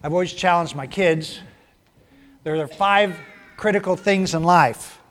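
A man's voice: sits high, measured pace, a bit bright. A man preaching a sermon, who tells a folksy animal story in down-home speech. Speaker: pastor.

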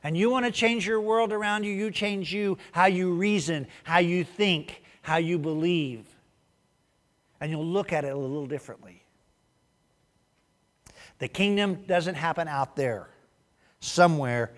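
Male pastor, high voice, sermon in an echoing hall, punchy questions and answers. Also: unhurried, pauses often. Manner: preaching with sudden swings between loud urging and soft hushed asides.

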